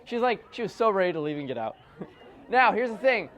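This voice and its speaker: A man working as a stage hypnotist at a live show, giving rhythmic, repetitive suggestions that sink low and soft, mixed with chatty joking asides to the audience. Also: big pitch swings, brisk. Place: corporate event room with an audience. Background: faint audience.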